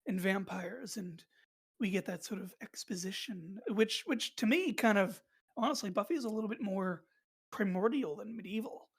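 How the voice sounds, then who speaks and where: A woman's voice: mid-range voice, breathy edge. Chatty podcast host woman, rambling. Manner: rambling, many fillers and restarts. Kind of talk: casual chat.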